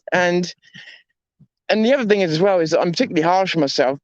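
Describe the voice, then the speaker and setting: A man's voice: sits high, dry recording. A man talking candidly in a rambling, reflective personal monologue, self-deprecating and often restarting his sentences. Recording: dull lo-fi dry sound.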